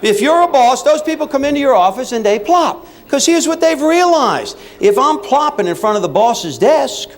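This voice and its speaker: A man's voice: very high voice, moderate pace, hardly any pauses. A middle-aged man giving a humorous motivational speech, telling stories with voiced characters and talking to the audience. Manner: animated storytelling with voiced characters and audience asides. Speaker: motivational speaker.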